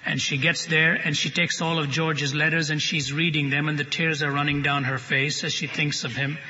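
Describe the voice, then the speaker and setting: A man preaching a sermon to a live audience, telling stories with animated humor, recorded live in a church hall. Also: fairly high pitch, normal speed, highs cut off.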